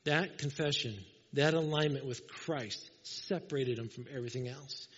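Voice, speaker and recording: A man's voice: medium pitch, normal speed, slightly rough. A man preaching a sermon as pastor, conversational and storytelling, acting out quoted people. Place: church. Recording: dull sound, long hall reverb.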